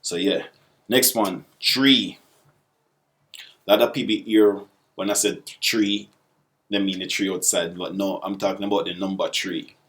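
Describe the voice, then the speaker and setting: A man's voice: sits low, steady tone, moderate pace. A man with a Jamaican accent teaching basic patois in a casual video lesson, repeating example phrases.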